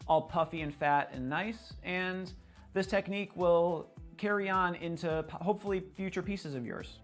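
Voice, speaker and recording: Young male art YouTuber doing his outro; relaxed, grateful, slightly high voice. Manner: friendly, thankful, casual plugs. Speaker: art tutorial creator. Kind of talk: video outro with plugs.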